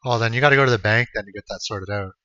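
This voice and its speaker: A young man from Canada streams a game and chats with viewers in a relaxed, profane way. His voice is bright and forceful, and it sits close and dry on a dull, lo-fi stream mix. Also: on the low side, racing, no echo. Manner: laid-back, swears freely, chuckles while answering chat. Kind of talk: casual live-stream chat.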